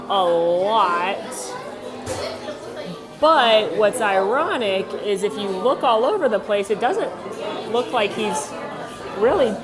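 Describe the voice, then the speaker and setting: Chatty young woman doing a theme park walking vlog, outside, faint music in the background. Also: medium pitch. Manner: chatty, upbeat, full of trivia. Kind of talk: casual walking tour vlog.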